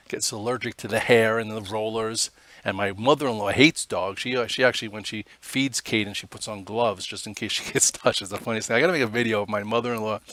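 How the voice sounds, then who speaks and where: A middle-aged man talks through a casual daily trading recap, rambling and chatty. His voice sits low. It is recorded dry and close, with no room sound. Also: fairly bright tone, no echo. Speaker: market commentator and trader.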